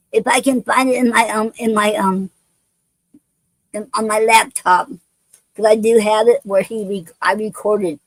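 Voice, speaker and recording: A woman hosting a poetry show, reading love poems and chatting in a halting way with many fillers and restarts. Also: mid-range voice, dry recording, low-quality recording.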